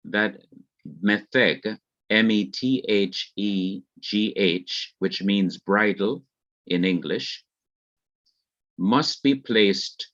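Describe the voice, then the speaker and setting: A man lectures on grammar at a slow, measured pace, spelling out terms and repeating each example. His voice sits fairly low. The recording is dull and lo-fi, with a dry, close sound. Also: no echo. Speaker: Hebrew teacher.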